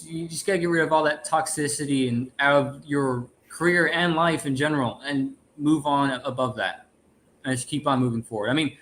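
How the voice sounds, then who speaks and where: A man with a slightly high voice co-hosts a livestream, earnest and encouraging. Faint noise sits under his call audio. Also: normal speed, a bit bright. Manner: earnest, encouraging, talks about community support. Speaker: livestream co-host. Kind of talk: casual livestream chat.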